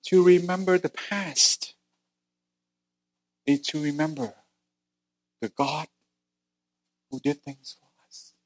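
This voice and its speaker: A middle-aged man from Vietnam preaching a sermon and telling his own story earnestly, his voice climbing high at the tense moments. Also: slow pace, pauses often. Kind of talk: sermon with personal testimony.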